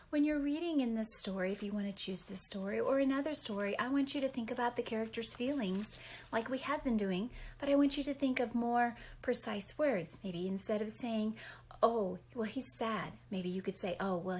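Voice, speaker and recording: A young woman teacher reading a picture book aloud to young children, pausing to ask gentle questions. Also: on the high side. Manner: gentle, animated storybook reading with questions to kids.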